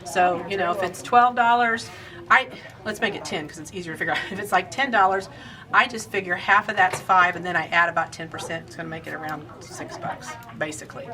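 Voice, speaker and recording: A woman's voice: on the low side, a little fast, crowd noise. A woman from Indiana hosting a casual shop update, chatty and rambling, laughing easily. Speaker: quilt shop owner and host.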